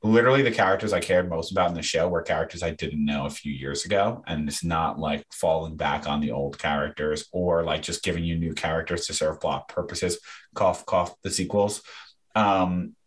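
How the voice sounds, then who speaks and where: Low-voiced young man chatting casually. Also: moderate pace. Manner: rambling, many fillers and restarts, laughs often. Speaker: podcast co-host. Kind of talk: casual chat.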